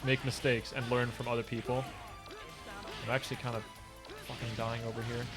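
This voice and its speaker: A man's voice: medium pitch, level tone, a little fast, over loud music. A young man chatting casually with his stream chat while speedrunning a game, loose, profane and talkative. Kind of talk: live gaming stream chat.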